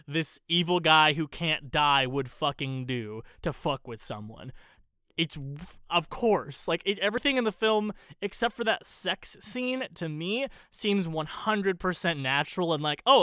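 A man casually recapping a movie, animated and swearing a lot, acting out the characters' lines as he goes. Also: a little high, smooth, no room sound, studio quality.

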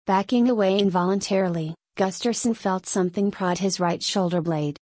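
A woman's voice: mid-range voice, normal speed, darkish tone, no echo. Woman narrating a story, dry and close. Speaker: audiobook narrator. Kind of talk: scripted narration.

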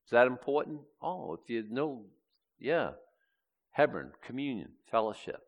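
Animated male preacher with a lively voice. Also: medium pitch, unhurried. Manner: animated, swings from loud to hushed, reads scripture aloud. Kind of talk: sermon.

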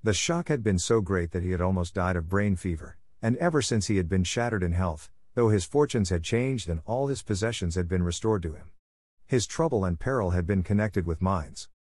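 Guy reading a classic novel aloud, lowish voice, dry close mic. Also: lively intonation, fairly quick, darkish tone, no echo. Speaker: audiobook narrator. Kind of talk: scripted narration.

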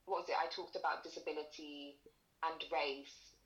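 A woman's voice: deep voice, steady tone, moderate pace, highs cut off, over a noisy crowd. A young woman speaking candidly in a casual conversation, acting out the lines of people she talks about. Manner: candid storytelling with reenacted quotes. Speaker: guest.

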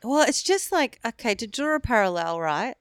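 A woman's voice: fairly high pitch, normal speed, smooth, dry recording, clean studio sound. A woman co-hosting a casual film review podcast, speaking bluntly and animatedly. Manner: blunt, animated, swears freely. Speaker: podcast co-host.

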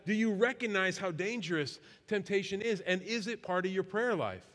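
High-voiced pastor preaching in a reverberant church. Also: male voice, animated, normal speed, hardly any pauses, fairly bright tone. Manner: earnest, repetitive rhetorical questions. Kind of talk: sermon. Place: church sanctuary. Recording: long hall reverb with faint guitar.

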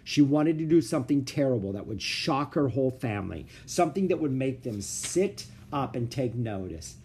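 A man reading a children's book aloud with expressive storytelling. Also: mid-range voice, normal speed, slightly rough. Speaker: narrator.

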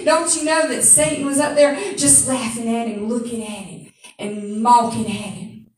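Woman pastor, high voice, fervent call-and-response preaching, echoey room heard from afar. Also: fairly even intonation, normal speed, darkish tone, far from the mic. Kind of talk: sermon.

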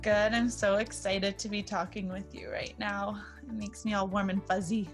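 A woman in her thirties hosting a podcast, telling a story in a chatty, warm way with fillers. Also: medium pitch, little pitch movement, moderate pace, faint music behind. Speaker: podcast host. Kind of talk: casual chat.

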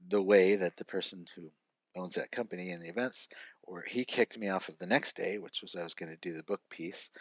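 With a deep voice and no echo, a middle-aged podcast guest tells a personal story earnestly, repeatedly adding "right?" The audio is dry, lo-fi, and a little muffled.

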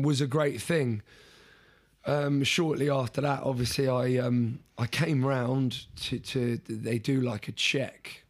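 A man telling a story as an interview guest, in a casual, animated way, repeating words and restarting sentences. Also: medium pitch.

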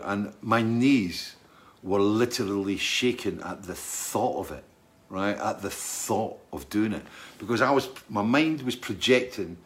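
A man in middle age talks casually, reading out questions and drifting into long stories. He speaks a little lower than most men. He often stops and restarts his sentences. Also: expressive, a bit bright. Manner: rambling, halting, full of restarts and asides. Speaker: singer answering viewer questions. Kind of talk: casual chat, storytelling.

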